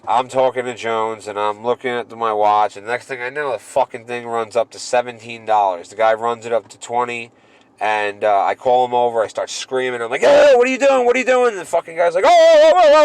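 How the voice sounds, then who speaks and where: Man in his thirties, podcast co-host, swears a lot, animated, dry close sound. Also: mid-range voice, smooth, dry recording. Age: 30s. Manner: profane, animated storytelling. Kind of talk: casual podcast chat.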